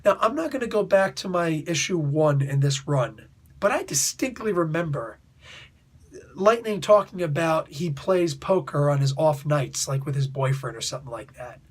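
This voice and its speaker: A man's voice: fairly high pitch, lively intonation, normal speed, breathy edge. A man giving a casual spoken comic book review, chatty and rambling, laughing often and asking his listeners whether they follow him. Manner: chatty, laughs often, asks "you know what I'm saying?"; rambling, with restarts and asides.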